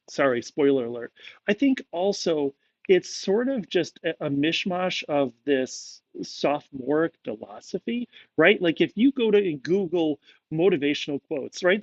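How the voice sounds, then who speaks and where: A man's voice: on the high side, dry recording, lo-fi sound. A man giving a casual, conversational movie reaction, musing aloud with frequent fillers. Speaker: movie reviewer.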